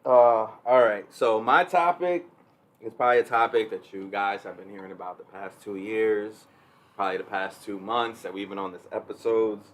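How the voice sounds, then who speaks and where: A man's voice: lowish voice, fairly even intonation, moderate pace. A man on a casual podcast, telling a long story, laughing often and acting out quotes with raised voice. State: recovering from covid. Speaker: podcast co-host. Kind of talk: casual chat.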